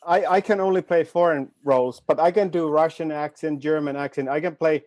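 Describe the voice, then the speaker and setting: A man with a Finnish accent, a native Finnish speaker, hosting a podcast interview in slow, careful speech. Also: fairly high pitch, steady tone, a little mellow. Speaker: podcast host.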